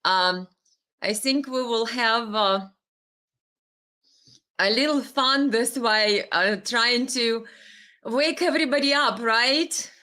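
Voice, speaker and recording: A woman's voice: a little high, slow pace, long pauses, sharp tone. A woman hosting a casual live stream, chatting with viewers and greeting them by name, sometimes stumbling over names.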